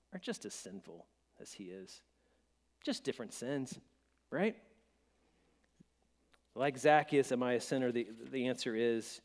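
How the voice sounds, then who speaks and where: A man preaching a sermon as pastor, dropping to a hush and then rising to emphatic peaks, with stammering restarts. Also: mid-range voice. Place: church sanctuary. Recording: long church-hall reverb.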